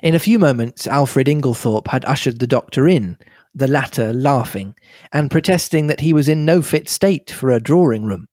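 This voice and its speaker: A man reading a novel aloud in a measured, steady manner. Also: mid-range voice, dry recording, studio quality. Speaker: reader.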